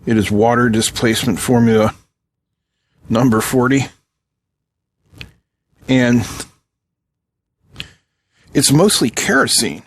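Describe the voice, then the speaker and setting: A man chatting his way through a hands-on electronics tutorial, cracking dry jokes and teasing asides to the viewers as he works. He talks at an average pitch in a relaxed, conversational way, as if the audience is sitting beside him at the workbench. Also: takes it slowly, long pauses. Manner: joking, chatty asides while working. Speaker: electronics channel host.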